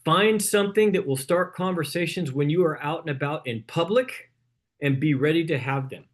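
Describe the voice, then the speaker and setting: Man, fairly high voice, team-training coach, punchy, keeps checking "okay?". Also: moderate pace. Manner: coaching, punchy, repeats "okay?" after points. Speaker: real estate broker leading a team training.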